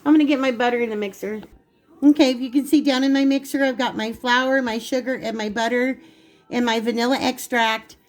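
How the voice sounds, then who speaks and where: A woman hosting a casual cooking vlog in her home kitchen, chatty and quick to laugh at herself. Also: fairly high pitch, fairly even intonation. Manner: chatty, laughing, self-teasing.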